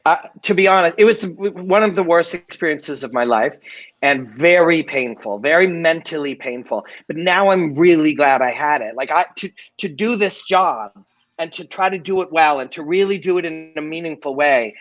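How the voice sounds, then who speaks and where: A man's voice: on the high side, lively intonation, moderate pace, a bit bright, no echo, highs cut off. Candid middle-aged man telling fight stories. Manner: candid, rambling, swears freely. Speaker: host, former fighter. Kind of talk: casual live-stream commentary and storytelling.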